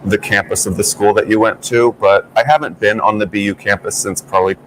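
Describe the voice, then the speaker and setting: Male morning-show co-host, chatty storyteller, lowish voice, faint background hum. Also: fairly even intonation, a little fast, fairly bright tone, low-quality recording. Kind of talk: casual chat.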